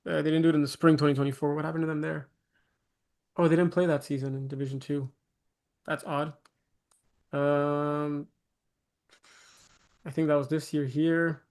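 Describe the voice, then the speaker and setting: Brief: male co-host, gravelly, higher-pitched voice, easygoing and jokey league recap. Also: little pitch movement, normal speed, pauses often, darkish tone. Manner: laughs often, teasing. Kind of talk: casual sports league chat.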